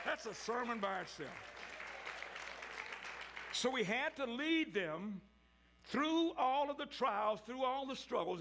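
A male preacher delivering a sermon, with call-and-response preaching that rises into shouts. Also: extremely high pitch.

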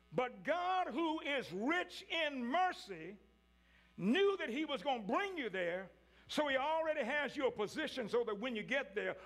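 High-voiced preacher building to shouts. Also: male voice. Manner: call-and-response preaching, rising to shouts. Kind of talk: sermon.

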